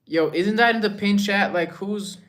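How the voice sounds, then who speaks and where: A man's voice: high-pitched, normal speed, fairly bright tone. A young man casually chatting on a livestream, reading viewer messages aloud and musing in a laid-back way.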